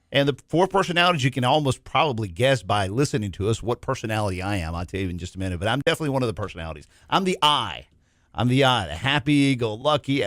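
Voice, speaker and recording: Animated talkative male radio host. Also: mid-range voice, dry recording, studio quality. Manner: animated, talkative, quick restarts and laughs. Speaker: radio show host and executive coach. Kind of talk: lively radio talk.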